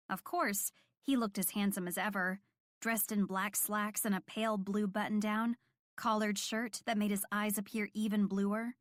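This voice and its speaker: A woman's voice: medium pitch, dry recording, studio quality. A woman narrating a romance audiobook in first person, in a smitten storytelling manner.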